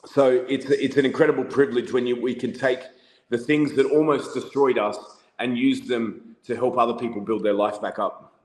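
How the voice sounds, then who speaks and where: A man's voice: medium pitch, steady tone, normal speed. A man with an Australian accent, a podcast guest telling stories in a rambling, casual way full of "you know" fillers. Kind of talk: casual storytelling. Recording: echoey room with long reverb.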